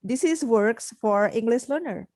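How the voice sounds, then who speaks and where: A woman's voice: fairly high pitch, lively intonation, a little slow, a little mellow, no echo. A woman hosting a casual podcast on learning English. She explains things simply and repeats her key points. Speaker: podcast host and English teacher.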